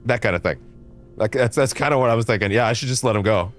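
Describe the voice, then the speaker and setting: A man rants to his stream chat in a lively, profane way, his voice jumping up and down as he gets worked up. He talks at an average pitch over faint game music in the background. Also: fast talker. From Canada. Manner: animated, profane ranting with shifting pitch. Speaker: livestreamer. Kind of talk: casual livestream chat.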